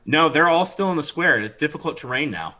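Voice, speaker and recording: Bright-voiced man running a tabletop game. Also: on the high side, rough recording. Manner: animated, acts out characters with quick voices. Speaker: dungeon master.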